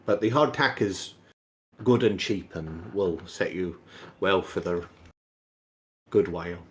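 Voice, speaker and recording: A man's voice: low voice, slow pace, slight background noise. A man voicing a short, polite male dwarf baker who runs a stall, with a hesitant, stammering shopkeeper's manner. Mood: friendly salesy.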